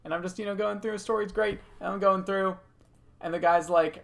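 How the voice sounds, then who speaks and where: A man streaming from home, chatting casually and retelling a story in a loose, animated way. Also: high-pitched, a little fast, gravelly. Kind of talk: casual chat while gaming.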